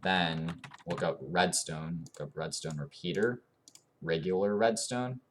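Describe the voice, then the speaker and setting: A man's voice: deep voice, measured pace, fairly bright tone, a little hiss or hum. A man giving a casual game tutorial over his screen, explaining in a rambling, meandering way at a desktop mic. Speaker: tutorial YouTuber.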